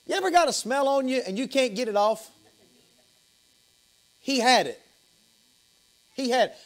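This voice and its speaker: A man with a Southern US accent preaching an evening sermon as pastor, impassioned, repeating and restarting phrases. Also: extremely high pitch. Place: church sanctuary.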